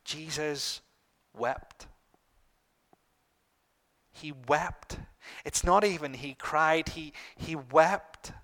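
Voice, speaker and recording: A middle-aged man preaching a sermon to his congregation, earnest, repeating phrases and pausing for emphasis. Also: a little high, fairly bright tone. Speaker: pastor.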